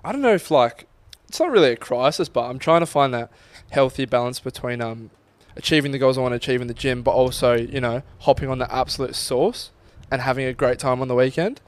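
A man's voice: medium pitch, a little fast, dry recording. A young man co-hosting a podcast in casual, rambling chat. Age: young adult. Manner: chatty, rambling, uses bloke and mate. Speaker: podcast co-host.

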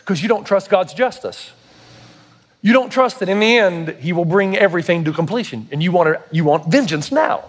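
A male pastor preaches with fervor, pressing his congregation with question after question. His voice sits notably high for a man. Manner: impassioned, rhetorical questions to the congregation. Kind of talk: sermon.

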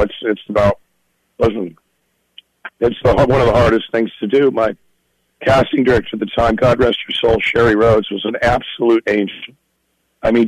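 Film director guest, animated storyteller, dry studio sound. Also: male voice, mid-range voice, dry recording, low-quality recording. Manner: animated anecdote telling, laughs often. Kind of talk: storytelling in a podcast interview.

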